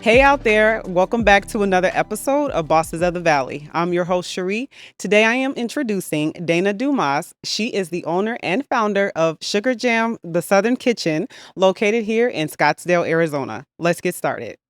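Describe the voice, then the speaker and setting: A woman's voice: medium pitch, expressive, no room sound, faint music behind. A woman hosting an interview show, upbeat and encouraging as she introduces her guest and asks questions. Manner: upbeat, encouraging, quick to laugh. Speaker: host. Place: a restaurant.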